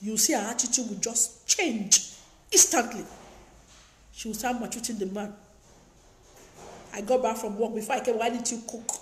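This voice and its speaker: A woman's voice: on the high side, moderate pace, pauses often, slight background noise. A woman giving emphatic, preachy advice in a lecturing monologue, repeating her points. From Africa. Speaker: advice vlogger. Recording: echoey room.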